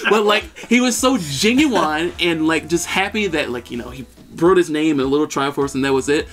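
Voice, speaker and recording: Podcast co-host, man in his thirties, excitable storyteller, slightly high voice. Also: a little fast, few pauses, faint music behind. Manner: animated, excitable, shouts at peaks. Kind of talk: casual storytelling chat.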